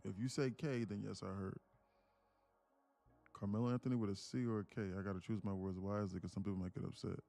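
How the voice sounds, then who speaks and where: A man's voice: on the low side, fairly even intonation, fast, mellow, faint music behind. A man hosting a trading live stream in a loose, casual way, often repeating himself and restarting phrases as he reads the chat. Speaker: livestream trading host.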